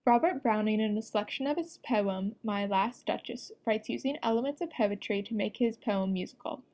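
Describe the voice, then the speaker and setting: A woman reading a prepared script, presenting an educational narration in an even, explanatory way. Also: a little high, normal speed.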